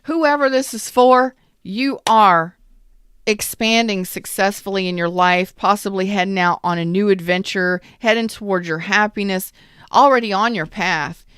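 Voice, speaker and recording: A woman's voice: mid-range voice, moderate pace, a bit bright, smooth, no echo, studio quality. A woman giving a live tarot reading in a chatty, blunt way, greeting viewers as she goes. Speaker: tarot reader.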